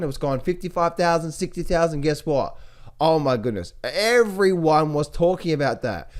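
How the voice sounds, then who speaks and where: A man talking casually about markets to viewers, animated, repeating words and mimicking other people's voices. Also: a little high. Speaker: trading educator. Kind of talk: casual market commentary to camera.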